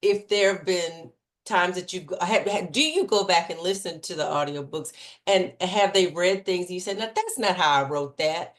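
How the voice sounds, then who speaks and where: A woman with a low voice talks in a relaxed, conversational way. She is a book club member on a video call, chatting casually. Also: moderate pace.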